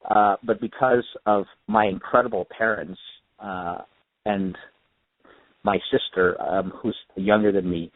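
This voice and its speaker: A man's voice: fairly low pitch, steady tone, measured pace, dry recording. A man from California telling his life story earnestly as a radio guest. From California, United States. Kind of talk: personal life story in an interview. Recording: tinny phone line, dry.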